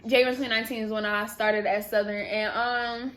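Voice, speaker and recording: A woman's voice: on the high side, fairly quick. A young woman in her twenties from the Bay Area, chatting casually and animatedly while answering viewer questions in a vlog. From San Francisco Bay Area. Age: 20s. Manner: chatty, animated, laughs and trails off. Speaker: vlogger.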